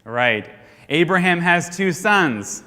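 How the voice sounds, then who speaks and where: Bright-voiced American man quizzing a class. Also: fairly high pitch, expressive, takes it slowly. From United States. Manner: quizzing, leaves sentences hanging for the class to finish. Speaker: Sunday school teacher. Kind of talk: question-and-answer Bible review. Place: church classroom. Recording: long hall reverb.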